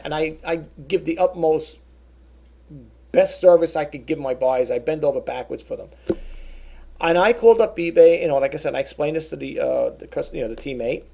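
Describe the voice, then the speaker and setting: A middle-aged man rants to his vlog audience about a grievance, rambling and restarting his sentences as he quotes both sides of a phone call. His voice sits a bit high and sounds gravelly and husky. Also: normal speed, warm tone. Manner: repeats and restarts words, rambling. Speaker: vlogger. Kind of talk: casual ranting vlog.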